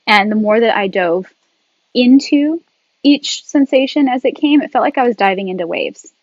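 A woman guest in a casual talk, telling her story in a chatty, animated way. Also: fairly high pitch, moderate pace, no echo, highs cut off. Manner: animated, chatty, laughs often. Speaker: podcast guest.

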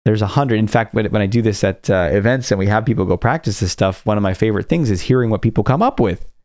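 A man hosting a self-help podcast, talking to listeners and telling stories with animated, acted-out quotes. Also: fairly low pitch, fast talker, no room sound, studio quality. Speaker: podcast host.

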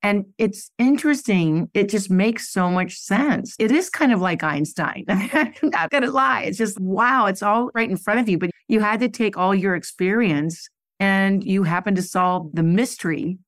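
A woman's voice: medium pitch, moderate pace, few pauses, no echo. A woman hosting a podcast interview, enthusiastic and admiring. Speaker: podcast host.

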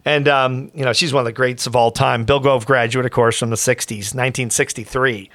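A man's voice: mid-range voice, brisk, no room sound. A middle-aged man, a professional speaker hosting a podcast, telling a long story in a casual, rambling way with restarts and asides. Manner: rambling, many restarts and asides, animated quotes.

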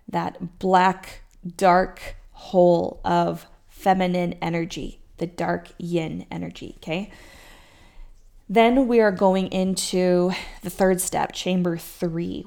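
A woman's voice: fairly low pitch, fairly even intonation, takes it slowly, gravelly, a little mellow. A woman fertility coach talking to listeners in a casual podcast monologue, reassuring and conversational, often acting out their anxious inner voices.

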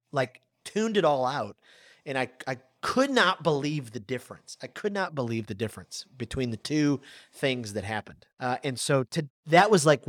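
A man in his forties hosting a podcast, telling a personal story in an animated, conversational way. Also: mid-range voice, no room sound, clean studio sound. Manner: animated storyteller, lively swings in loudness. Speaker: podcast host.

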